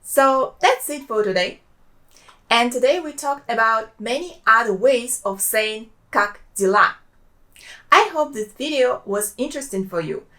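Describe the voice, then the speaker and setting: A woman with a Russian accent gives a scripted language lesson in a fairly high voice. She speaks carefully and repeats each example phrase slowly and clearly, the way a teacher does for learners. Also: lively intonation, sharp tone.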